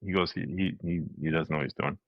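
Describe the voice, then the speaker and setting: A man with a very low voice tells a story in a loose, chatty way, jumping into the voices of the people in it and restarting his sentences. The sound is dry and a little dull. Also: fast, no echo. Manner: animated storyteller, acts out quotes, many restarts. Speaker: podcast co-host. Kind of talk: casual storytelling chat.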